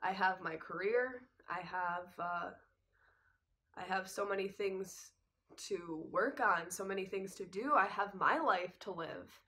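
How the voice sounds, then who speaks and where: A young woman chatting casually as she tells a personal story, lively and acting out the dialogue. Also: medium pitch, measured pace. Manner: lively retelling that acts out the dialogue. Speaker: vlogger telling a personal story.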